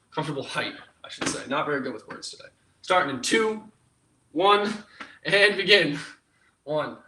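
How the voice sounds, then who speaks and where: Over a noisy background, a young man with a fairly high voice hosts a live home exercise session, counting reps down and joking as he goes. This upbeat instructor is recorded in a reverberant room, well away from the microphone.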